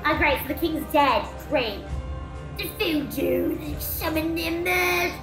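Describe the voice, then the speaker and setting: A woman's voice: high voice, slow, echoey room, music in the background. A woman streaming as a VTuber, chatting goofily through a game with jokes and the odd swear. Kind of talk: gameplay commentary.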